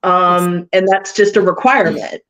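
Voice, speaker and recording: A woman's voice: lowish voice, steady tone, normal speed, fairly bright tone. A woman from the Southern US chatting casually, rambling with many fillers. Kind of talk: casual chat. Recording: dull lo-fi audio.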